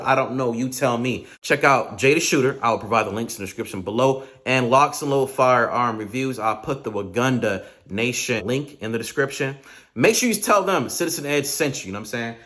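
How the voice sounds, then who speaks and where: A middle-aged man hosts his gun channel in a loose reaction style, talking straight to his viewers. His pitch sits in an ordinary middle range, and his delivery is animated. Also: fairly quick. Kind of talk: casual reaction commentary.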